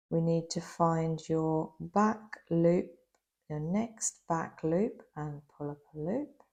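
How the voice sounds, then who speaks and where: A woman with a lowish, mellow voice and some vocal fry teaches crochet step by step, slow and patient. Her voice sounds slightly worn, as if she's losing it a bit.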